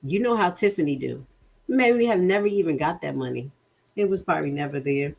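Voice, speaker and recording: A woman's voice: sits low, animated, a little fast, creaky, darkish tone. A woman hosting a casual livestream, outspoken and exasperated, swearing and talking straight to her viewers. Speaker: livestream host reviewing a township budget.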